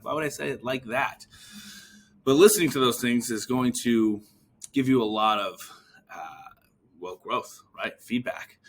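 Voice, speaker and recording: Casual male podcast host, bright tone, animated, acts out calls. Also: medium pitch, slight background noise. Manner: animated, acts out phone calls in quick voices; casual, swears now and then. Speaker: podcast host, physical therapist coach. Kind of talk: casual coaching talk.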